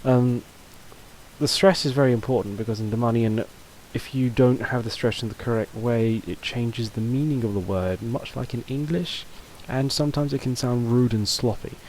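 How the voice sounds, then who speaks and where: A man's voice: medium pitch, normal speed, darkish tone, slight background noise, poor audio. A man teaching a casual video lesson, talking loosely with fillers and restarts. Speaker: language teacher.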